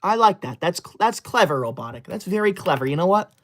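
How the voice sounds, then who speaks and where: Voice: mid-range voice, sing-song, fast talker. A livestream host reading super chats aloud in a comedic bit, scolding viewers in a fussy, easily offended, school-loving persona.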